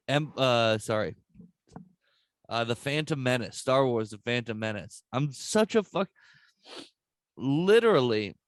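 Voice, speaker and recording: Excitable, swearing young man on a podcast. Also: medium pitch, no room sound. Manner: excitable and profane, rambling with restarts. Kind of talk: casual chat.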